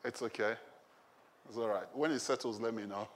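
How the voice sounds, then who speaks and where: A man's voice: medium pitch, a little fast, a little hiss or hum. A male pastor preaching a sermon in a conversational way, often asking the congregation questions.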